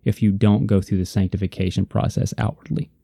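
A man's voice: on the low side, brisk, creaky, mellow, no room sound, studio quality. A man co-hosting a casual faith discussion, earnest and reflective, repeating points for emphasis. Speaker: podcast co-host.

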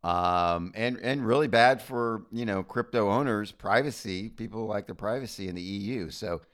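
American male podcast host, lowish voice, halting, opinionated chat. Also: fairly bright tone. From United States. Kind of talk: casual chat.

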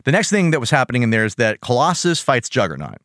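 A man hosting a casual cartoon review podcast, animated and joking, laughing often. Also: mid-range voice, quick pace, no echo, clean studio sound. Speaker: podcast host.

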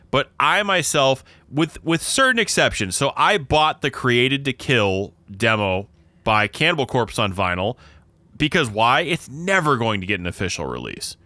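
Podcast guy rambling on, bright voice, dry close sound, keeps going off on tangents. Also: mid-range voice, very animated, moderate pace, no room sound. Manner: rambling, self-interrupting storyteller. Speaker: podcast co-host. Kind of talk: casual chat.

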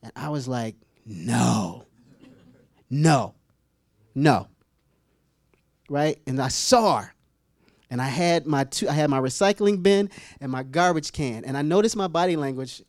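A man preaching a humorous storytelling sermon as pastor, acting out scenes with sudden high squeals and laughter. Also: moderate pace, no echo, studio quality. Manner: animated, acts out voices with sudden high-pitched squeals and laughs.

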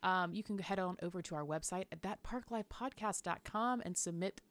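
A woman's voice: lowish voice, fairly quick. A woman co-hosting a casual podcast, upbeat and teasing as she wraps up the episode. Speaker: podcast co-host.

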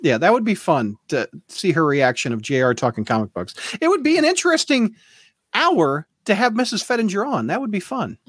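A man's voice: sits high, huge pitch swings, fairly quick, fairly bright tone, slightly rough, dry recording, studio quality. A man in his forties co-hosting a podcast, chatting casually and telling stories about himself with a laugh. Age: 40s. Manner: laughing, self-mocking storyteller. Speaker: podcast co-host. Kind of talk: casual chat.

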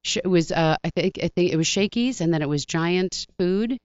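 A woman's voice: on the low side, normal speed, a little mellow, dry recording, lo-fi sound. A woman from the Washington, D.C. area, a guest chatting casually and rambling, acting out her own quotes. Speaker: actress guest. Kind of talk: casual interview chat.

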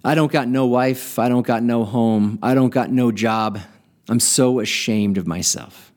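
A man voicing a big drunk male laborer, belligerent and ashamed, who bellows in rough slang. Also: medium pitch, unhurried, darkish tone, lightly acted. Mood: sobbing.

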